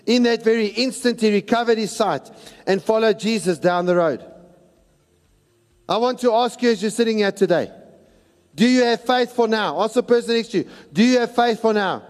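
Man, preacher, very high voice, animated sermon, long hall reverb.

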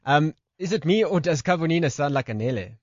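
A man's voice: on the high side, expressive, fast talker, no echo. Man, radio host, laid-back chat, dry dull studio sound. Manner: laid-back, reads listener messages.

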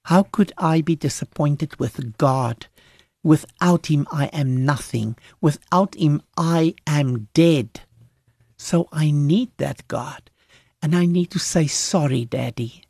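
A woman's voice: deep voice, slow, mellow, dry recording, studio quality. A woman minister talking about faith in an earnest, emphatic way, often restarting her sentences as she preaches conversationally. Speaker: Christian minister, guest.

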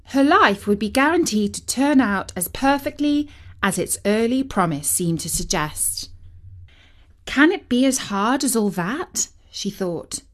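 A woman narrating a storybook in a measured, gently wry manner. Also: a little high. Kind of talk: storybook reading.

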